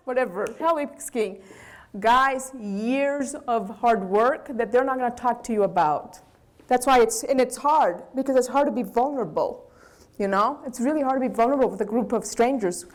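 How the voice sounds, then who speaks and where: A woman with a Brazilian accent, a business owner giving a candid, animated lecture to students. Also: a little high, normal speed. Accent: Brazilian Portuguese. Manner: animated, candid storytelling with acted quotes.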